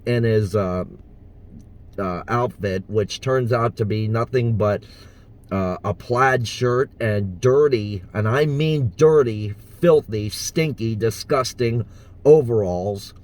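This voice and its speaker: A man's voice: on the low side, slow, a little mellow. A man from the US South talking casually in a vlog as an impressionist, hesitant and full of fillers. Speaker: impressionist vlogger.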